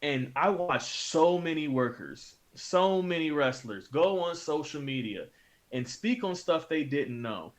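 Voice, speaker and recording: A man's voice: a little high, lively intonation, a little slow. A man co-hosting a wrestling podcast, making emphatic points and repeating them for stress. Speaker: podcast co-host. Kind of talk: casual chat.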